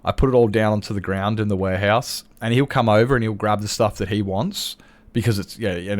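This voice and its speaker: An Australian man streaming a game and chatting casually, telling animated stories and acting out other people's lines, with chuckles and restarts. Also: lowish voice, fast talker. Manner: animated storyteller who acts out customers' lines; frequent chuckles and self-interruptions. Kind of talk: casual chat while gaming.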